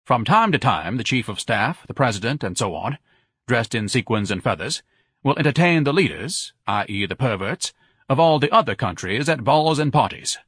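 A man's voice: medium pitch, very animated, normal speed, fairly bright tone, breathy edge, no room sound, studio quality. A man reading a first-person story aloud as scripted narration, with a pompous, grandiloquent delivery. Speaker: audiobook narrator.

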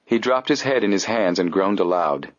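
A man reading an audiobook in steady, even scripted narration. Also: low voice, normal speed, no echo. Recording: dull dry studio audio.

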